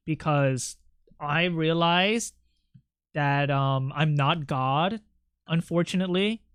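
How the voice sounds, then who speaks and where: A streamer talks casually while drawing, rambling, cutting in on themself and swearing freely. The voice is bright and clear, and it sits close to a desk mic in a dry space. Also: medium pitch, dry recording. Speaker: streamer and artist.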